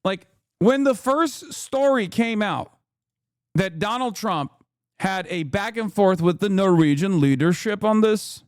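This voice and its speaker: A male streamer commenting casually on the news, animated and incredulous, talking in quick asides. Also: high-pitched, clean tone, dry recording, studio quality. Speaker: streamer and host.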